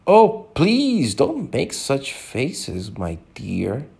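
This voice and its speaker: A curious, polite young girl from a storybook, read by a man in a gentle, lightly lifted voice. The voice has a gravelly edge and moves up and down freely. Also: medium pitch, very animated, a little slow, heavily acted. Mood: amused.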